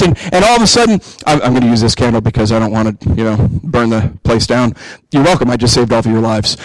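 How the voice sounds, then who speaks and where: A man in his thirties preaching a sermon to his congregation, animated, with jokey asides and emphatic peaks. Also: on the high side, no room sound, rough recording. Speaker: pastor. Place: church hall.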